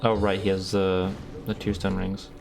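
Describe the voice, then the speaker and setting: A man's voice: low-pitched, completely flat delivery, normal speed, creaky, over music. A man chatting casually over a game he plays, rambling and stumbling over his words. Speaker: gamer. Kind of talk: casual let's-play chat.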